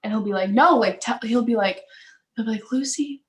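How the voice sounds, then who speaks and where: An eighteen-year-old woman talking with her father as a guest. She speaks quietly and hesitantly, with lots of fillers. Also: medium pitch, steady tone, fairly quick. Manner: soft-spoken, hesitant, many fillers. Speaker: guest, singer. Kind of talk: casual family conversation.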